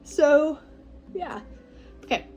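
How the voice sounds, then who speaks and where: A teenage girl talking casually to the camera, slow and reflective, her phrases often trailing off softly. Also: high-pitched, expressive, muffled recording, soft background music. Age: teens. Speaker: vlogger. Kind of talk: casual personal talk to camera.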